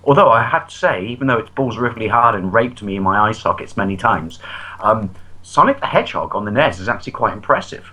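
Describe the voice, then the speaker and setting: A man's voice: on the low side, animated, fast, pushed and bright, rough recording. An English man co-hosting a podcast, chatting casually in profane, jokey rants. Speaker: podcast co-host. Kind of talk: casual chat.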